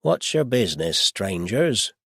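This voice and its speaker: A man voicing a wary, gruff old male shepherd who speaks in blunt, clipped rural phrases. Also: lowish voice, sing-song, measured pace, fairly bright tone, no room sound, studio quality, voice pushed up, exaggerated voice.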